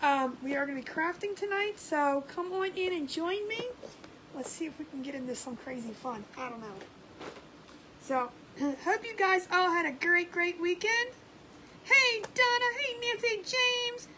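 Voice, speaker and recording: A woman's voice: extremely high pitch, lively intonation, normal speed, bright, forceful tone, slight background noise, poor audio. A woman hosting a casual craft livestream, chatting and greeting viewers by name and laughing often. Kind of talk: casual live-stream chat.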